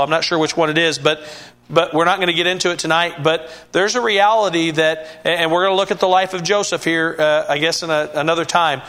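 A man's voice: a little high, sharp tone. A man preaching a sermon in an earnest way, often repeating and restarting words and rising to emphatic bursts.

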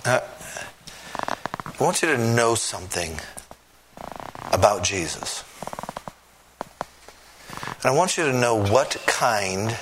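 A male preacher delivering a sermon, dramatic and swinging between hushed and loud passages. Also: mid-range voice, expressive, slow, long pauses, background noise.

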